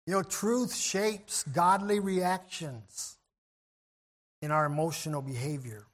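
Male preacher, higher register, gentle and reflective, clears throat often, restarts phrases. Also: takes it slowly, long pauses. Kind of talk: sermon.

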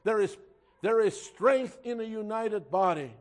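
A high-voiced man preaches to his congregation, pushing key words out loud and slowly. Reading scripture in old-fashioned wording, he softens to near quiet.

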